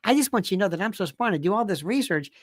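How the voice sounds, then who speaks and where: A man's voice: sits high, animated, racing, dry recording, studio quality. A man mimicking a smug, self-satisfied female conspiracy theorist in a mocking tone.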